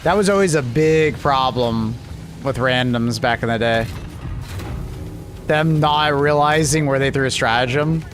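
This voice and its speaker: A man's voice: mid-range voice, a little slow, faint music behind. A man chatting casually on a gaming livestream, sleepy and laid-back, swearing and teasing himself as he plays. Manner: profane, laid-back, self-mocking banter. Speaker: streamer.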